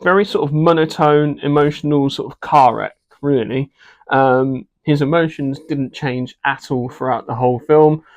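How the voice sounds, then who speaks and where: A man giving a casual, unscripted movie review, hesitant and filling pauses with ums and uhs while voicing frank opinions. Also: mid-range voice, highs cut off.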